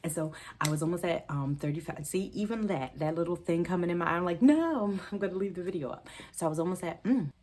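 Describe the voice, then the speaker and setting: A woman vlogger with a slightly low-pitched voice talks straight to her camera about her channel. She rambles, restarts her sentences and corrects herself, and her tone stays emotional and heartfelt. She speaks with a gap in her teeth. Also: quick pace, few pauses, darkish tone, slight background noise. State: tearful at times. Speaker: budgeting channel host. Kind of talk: casual talk to camera.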